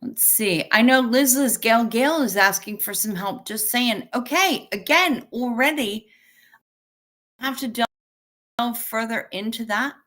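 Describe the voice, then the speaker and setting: Woman, 50s, livestream host. Unhurried, bright voice; casual, salty, chatty with viewers. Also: on the high side. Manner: chatty and profane, thanks viewers. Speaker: livestream host reading chat. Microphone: webcam stream setup.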